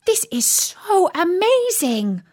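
A woman's voice: sing-song, unhurried, a bit bright, heavily acted. Woman putting on a squealy sulky little girl, seven-ish, voice jumping all over the place, storybook. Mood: thrilled. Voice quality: high childish squeal, whiny. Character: excitable seven-year-old girl, sulky big sister.

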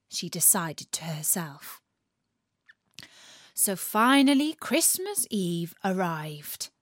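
A woman reads a children's bedtime story aloud with lots of expression, sometimes sinking to a whisper. Her pitch rises and falls widely and she takes her time. The recording is close and dry. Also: no echo.

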